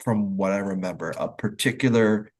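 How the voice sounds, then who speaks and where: A man hosting an online English conversation call, talking in a relaxed, hesitant way with lots of fillers and restarts. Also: on the low side, normal speed, breathy edge. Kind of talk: casual group video call chat.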